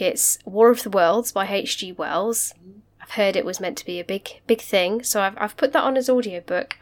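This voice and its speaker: A young woman chats casually as a podcast co-host. She talks in a mid-range voice and tells lively, rambling stories, laughing often as she goes. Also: medium pitch. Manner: chatty, animated storytelling with frequent laughs. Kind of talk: casual chat.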